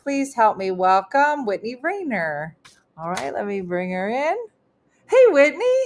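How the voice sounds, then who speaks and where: A woman's voice: fairly high pitch, big pitch swings, a little slow. A middle-aged woman, a comedian hosting a casual online chat show, telling stories with lots of fillers. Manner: chatty storyteller with many fillers. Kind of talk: casual live-stream chat.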